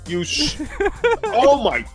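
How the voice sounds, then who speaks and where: A man's voice: extremely high pitch, wildly swooping pitch, slow pace, faint music behind. A man co-hosting a casual recap, ranting in an exasperated, heavily profane way. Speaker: podcast co-host.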